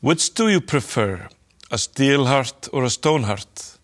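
A man's voice: medium pitch, expressive, slow. A man reading as a sly, greedy space trader. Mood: smug. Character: smooth-talking greedy male space trader.

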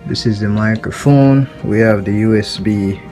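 A man's voice: on the low side, normal speed, darkish tone. A man hosting a casual tech unboxing vlog, talking loosely and repeating "actually" and "like", recorded raw and unedited on a USB mic close to his mouth. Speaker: tech channel host. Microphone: USB desktop mic close to mouth. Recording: raw unedited mic audio, faint music.

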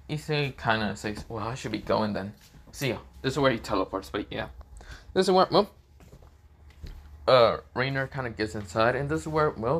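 A man's voice: mid-range voice, fairly bright tone. A man narrating his own fan story off the cuff, rambling and hesitant with many fillers.

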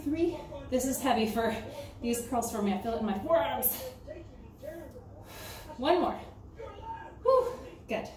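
A woman's voice: on the high side, expressive, measured pace, pauses often, darkish tone. A woman fitness instructor from the United States, coaching a home workout and counting reps while exercising, a little out of breath. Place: home room with ceiling fan. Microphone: camera some distance away. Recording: roomy, distant from the mic, with music. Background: background music.

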